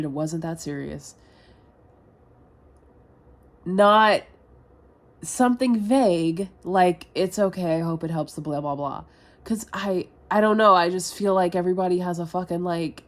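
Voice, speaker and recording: A young woman in a confessional vlog, rambling and self-deprecating, full of filler words and swearing. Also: fairly low pitch. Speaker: vlogger.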